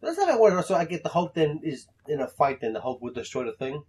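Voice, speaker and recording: A man's voice: on the high side, sing-song, quick pace, a little mellow, husky. A man chatting casually about games and comics, rambling with repeated words and mock-outraged rants.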